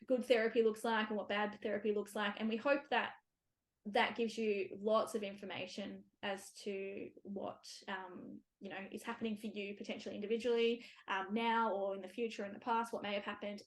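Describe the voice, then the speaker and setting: A woman's voice: medium pitch, fairly even intonation, brisk. A woman hosting a casual podcast conversation, chatty, with many fillers and easy laughs. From Australia. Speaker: physiotherapist podcast host.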